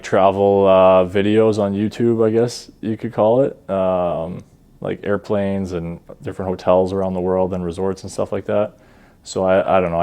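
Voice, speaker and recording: A Canadian man in his thirties who plays goalie in hockey talks on a podcast in a smooth, low voice. The chat is casual, he teases himself, and ums and uhs crop up frequently.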